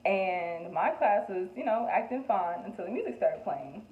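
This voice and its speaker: A woman's voice: medium pitch, animated, normal speed. A young woman vlogger chatting candidly through get-to-know-me questions, with lots of "like" and "um" and frequent laughs. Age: young adult. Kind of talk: casual chat. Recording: echoey room, tinny phone-like sound, faint background noise.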